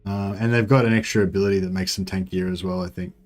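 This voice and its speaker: A man's voice: deep voice, fairly even intonation, fast talker, a little mellow. Casual rambling male gamer. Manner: casual, rambling, thinking aloud. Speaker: gaming channel host. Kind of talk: let's play commentary.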